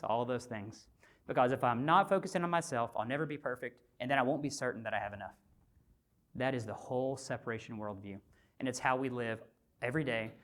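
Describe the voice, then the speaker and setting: Man, physician, motivational conference speaker, conversational, animated storytelling, rhetorical questions. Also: mid-range voice. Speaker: physician and speaker at a health summit.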